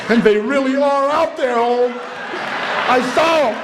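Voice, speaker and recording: Male storyteller, loud and animated, voice up high, reverberant hall with background noise. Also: unhurried, over a noisy crowd. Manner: loud, animated, laughing storyteller who acts out the people in his story. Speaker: speaker sharing his recovery story. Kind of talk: storytelling talk to a live audience.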